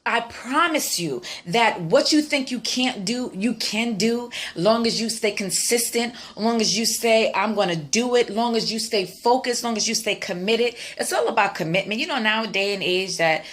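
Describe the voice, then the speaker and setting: A woman in her thirties vlogging, telling a personal story in a chatty, animated way that turns preachy and motivational. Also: fairly high pitch, normal speed, hardly any pauses.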